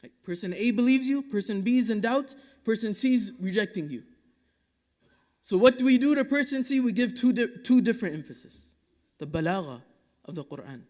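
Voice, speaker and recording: Male imam from Dallas, high voice, impassioned Friday sermon with quick Arabic recitation, long mosque-hall reverb. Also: animated. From Dallas, Texas. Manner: impassioned, rhetorical, swinging between loud urging and hushed asides; recites Quranic Arabic quickly between English explanation.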